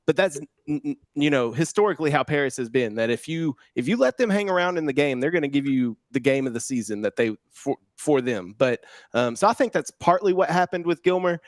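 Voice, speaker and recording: A man in his thirties co-hosting a sports show, relaxed and reminiscing. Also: a little high, brisk, dry recording, clean studio sound. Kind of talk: casual sports talk.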